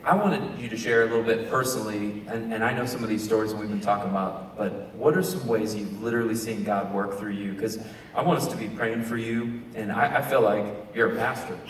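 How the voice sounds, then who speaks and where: A man's voice: lowish voice, steady tone, fairly quick, a little hiss or hum. A male host asks earnest, rambling questions in an interview. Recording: echoey hall from far off.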